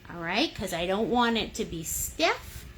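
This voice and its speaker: A woman's voice: mid-range voice, sing-song, unhurried, fairly bright tone, slight background noise. A woman leading a livestream painting lesson, chatty and playful, cheering viewers on and humming little sound effects as she works. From United States. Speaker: painting instructor. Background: fan running.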